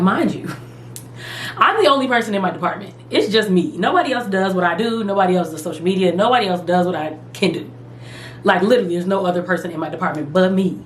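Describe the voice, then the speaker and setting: A young woman telling a story from home in a casual, animated, dramatic way. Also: medium pitch, slight background noise. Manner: animated, dramatic retelling with quoted voices. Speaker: vlogger. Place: room at home. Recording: echoey room.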